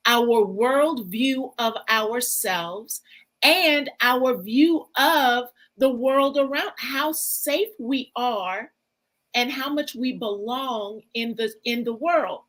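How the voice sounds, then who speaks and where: A woman guest speaker and relational coach giving a measured, explanatory interview answer. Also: a little high, fairly bright tone, low-quality recording.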